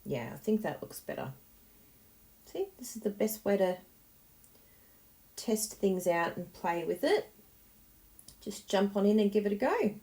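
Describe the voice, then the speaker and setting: A woman's voice: mid-range voice, big pitch swings, a little slow, long pauses, darkish tone. A woman hosting a card-making tutorial, chatting encouragingly and thinking aloud as she works. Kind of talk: casual tutorial talk while crafting.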